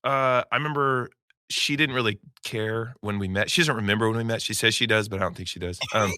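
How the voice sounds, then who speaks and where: A man guest on a podcast, casually telling animated stories and acting out the people in them. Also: lowish voice, fairly quick, dry recording. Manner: animated storyteller who acts out quoted people. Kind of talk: casual storytelling.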